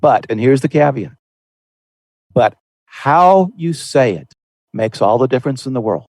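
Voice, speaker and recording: A man's voice: mid-range voice, expressive, a little slow, a little mellow, dry recording. A man hosting a Christian podcast, explaining in an earnest, folksy way with frequent restarts. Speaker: podcast host. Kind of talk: conversational Christian podcast discussion.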